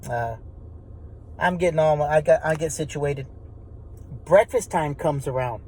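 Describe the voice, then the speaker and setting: A man tells a story in loose, everyday talk, swearing freely and circling back on his words. His voice sits fairly high for a man. He rambles, restarts and keeps checking in with the listener. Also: a little slow, a little mellow, a little hiss or hum, poor audio. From Texas. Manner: profane, rambling, many restarts. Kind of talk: casual spoken storytelling.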